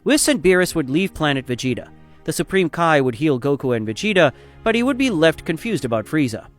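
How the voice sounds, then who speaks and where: A man narrating a fan story in a steady, dramatic storytelling style. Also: fairly high pitch, brisk, soft background music.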